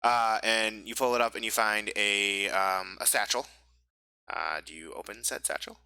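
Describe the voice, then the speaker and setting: A man narrating as game master of a tabletop game, halting and full of fillers as he describes the scene. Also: fairly low pitch, steady tone, pushed and bright, clear, resonant tone, no echo, poor audio. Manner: halting, filler-heavy narration with self-corrections.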